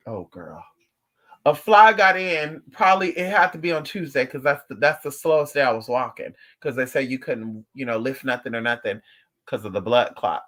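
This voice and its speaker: A man vlogging in casual livestream chat, telling stories to his viewers in an animated, profane way with playful asides. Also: medium pitch, brisk.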